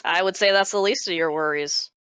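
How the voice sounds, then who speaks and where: A woman plays a tabletop role-playing game in a casual, easygoing way. Her voice sits a little low. The sound is close and dry. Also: a little fast, fairly bright tone, smooth, no room sound. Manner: casual, laughing between lines. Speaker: player.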